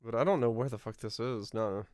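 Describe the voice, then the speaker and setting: A man's voice: medium pitch, a little fast, darkish tone, dry recording, clean studio sound. A man streaming a geography guessing game, chatting casually and musing aloud, with easy laughs and the odd swear. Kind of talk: casual live-stream chat while playing a geography game.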